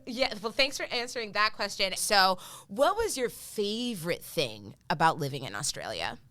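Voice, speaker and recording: A woman's voice: mid-range voice, sing-song, moderate pace, pushed and bright. An American woman co-hosting a podcast, chatty and encouraging, asking her guest questions. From United States. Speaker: podcast co-host. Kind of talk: casual podcast chat.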